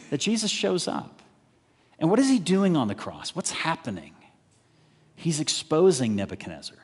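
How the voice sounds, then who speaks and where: A male pastor preaching a lively sermon, firing off rhetorical questions and briefly acting out the voices of crowds. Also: a little high, slightly rough. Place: church hall. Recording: live church stream with long hall reverb.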